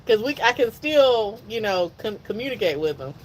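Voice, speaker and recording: A woman co-hosting a podcast, telling a personal story in a casual, animated way and acting out the dialogue. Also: a little high, moderate pace, a little hiss or hum, rough recording. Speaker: podcast co-host.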